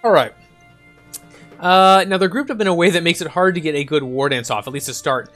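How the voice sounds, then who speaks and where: Guy doing let's-play commentary, kinda high voice, chuckles and ums, faint music under it. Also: brisk, a bit bright. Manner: thinks aloud, chuckling, many ums and uhs. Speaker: gaming channel host.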